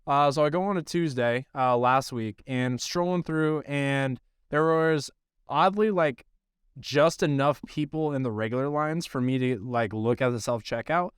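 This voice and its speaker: A man's voice: mid-range voice, smooth, no room sound, studio quality. A man co-hosting a baseball podcast, telling a long profane story in casual chat. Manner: profane, rambling storyteller who acts out quotes. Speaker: podcast co-host, baseball coach.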